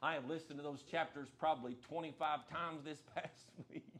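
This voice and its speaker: Pastor: man preaching to a live congregation, higher voice, folksy, hammers his key lines. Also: fairly even intonation, normal speed, a bit bright. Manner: emphatic, repeats key phrases, folksy humor. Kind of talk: sermon. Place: church sanctuary, live service.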